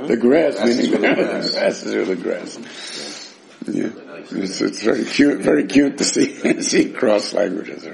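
Lively, gravelly man teaching Talmud. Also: fairly high pitch. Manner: explains texts with wry, sarcastic asides. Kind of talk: Talmud study class.

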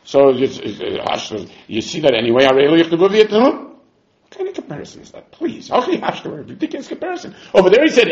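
A man's voice: on the high side, very animated, moderate pace, a little mellow. A man teaching a Talmud class, arguing both sides of the question in quoted voices. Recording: echoey room, dull lo-fi sound.

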